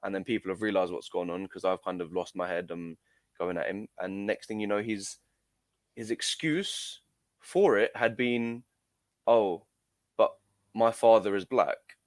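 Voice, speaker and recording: Speaking at a normal pace in a voice that sits low, a young amateur footballer shares a story as an interview guest. The recording is dry, and his casual account stumbles along with frequent fillers and restarts.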